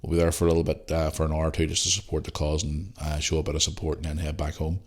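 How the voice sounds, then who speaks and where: A man's voice: a bass voice, completely flat delivery, very fast. A man with a Northern Irish accent hosting a solo podcast, ranting bluntly and swearing freely. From Northern Ireland. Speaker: podcast host.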